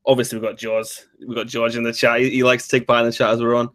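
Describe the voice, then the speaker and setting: A man with a Mancunian accent reads out viewers' names as a livestream guest. He moves through the list quickly and drops brief asides between names. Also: medium pitch, monotone, fairly bright tone. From Manchester, England. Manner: rapid roll call, brief asides. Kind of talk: reading chat names on a livestream.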